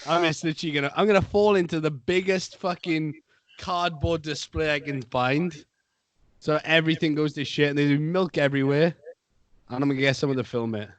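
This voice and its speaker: A man's voice: a little high, a little fast, no echo. A young man co-hosting a podcast, chatting crudely and acting out other people's voices. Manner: animated, swearing, acts out quoted voices. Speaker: podcast co-host. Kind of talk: crude casual chat.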